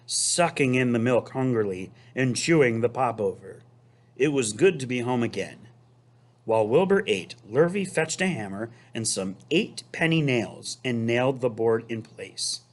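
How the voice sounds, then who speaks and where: A man reading a storybook aloud to his students, taking his time over each sentence. His mid-range voice rises and falls expressively, and he keeps the pace slow and easy to follow. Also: mid-range voice, animated.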